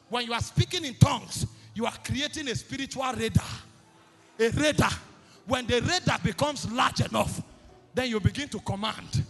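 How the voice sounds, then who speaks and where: A man preaching a fervent sermon, often shouting and repeating phrases for emphasis. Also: extremely high pitch, expressive, normal speed. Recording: long hall reverb with faint music behind.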